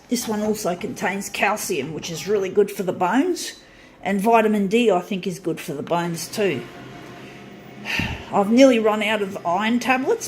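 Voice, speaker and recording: A woman's voice: medium pitch, a little hiss or hum. Swearing woman ranting at home. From southern hemisphere. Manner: swearing, frustrated ranting with frequent restarts. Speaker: vlogger. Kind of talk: casual ranting monologue. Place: small home unit.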